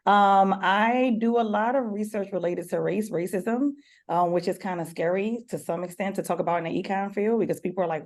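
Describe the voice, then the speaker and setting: A woman with a raspy voice and a New Orleans accent, introducing herself in a playful, joking way as an economist on a video-call panel. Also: mid-range voice, steady tone, fast, a little mellow.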